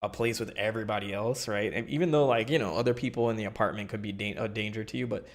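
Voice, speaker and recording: A man's voice: fairly low pitch, quick pace. Young male streamer, casual rambling chat, easy laughter. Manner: rambling, filler-heavy, laughs often. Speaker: streamer host.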